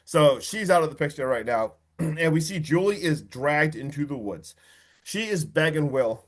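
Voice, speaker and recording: A man hosting a podcast, excitedly recapping a horror film, swearing and acting out quotes. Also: fairly high pitch, moderate pace. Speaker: podcast host.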